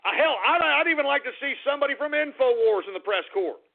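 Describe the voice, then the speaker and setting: A male talk radio host rants angrily, swearing often. His voice is very high with a gravelly rasp. The audio is tinny, like a phone line. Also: lively intonation, fast talker. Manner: angry, profane, ranting.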